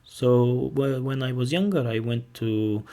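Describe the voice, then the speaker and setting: A man teaching an exam speaking lesson in a relaxed, self-deprecating way, modelling example sentences. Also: mid-range voice, unhurried. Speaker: IELTS examiner and teacher. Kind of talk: casual video lesson.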